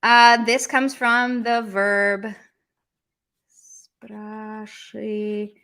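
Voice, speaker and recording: A woman's voice: on the high side, a little slow, fairly bright tone. An American woman teaching Russian on a live stream, chatty and thinking aloud with many fillers. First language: English. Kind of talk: live-streamed language lesson.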